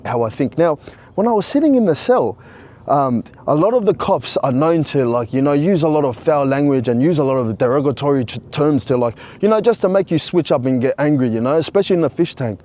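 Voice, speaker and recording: A man's voice: fairly high pitch, animated, fairly quick, mellow. A man casually recounting a personal story, with frequent restarts and plenty of "bro" and "you know". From Australia.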